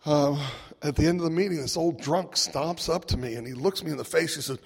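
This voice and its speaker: A man tells a funny personal recovery story to a meeting, wry and conversational, chuckling and throwing in plenty of "right?" asides. His fairly high voice is gravelly with a breathy edge, and he talks a little fast. Long hall reverb echoes around everything he says.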